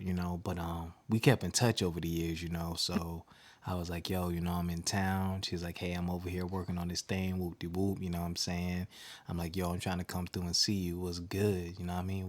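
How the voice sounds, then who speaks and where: A man putting on a smooth, hushed late-night radio voice, low and crooning, as a comic bit on a podcast.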